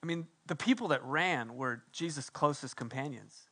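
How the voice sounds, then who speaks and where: With fervent conviction and a high, ringing voice, a middle-aged pastor preaches a sermon at normal speed. He alternates between loud, insistent declarations and a hushed, close tone that draws the listener in, and the brightness of his voice gives his emphasis a sharp edge that carries.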